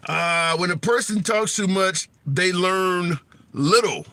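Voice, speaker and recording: Speaking slowly in a high, pushed, bright voice, this man runs a laid-back livestream where he takes callers and responds to comments. He's blunt and colloquial, chuckles at his own jokes, and airs his opinions, with no echo on the audio.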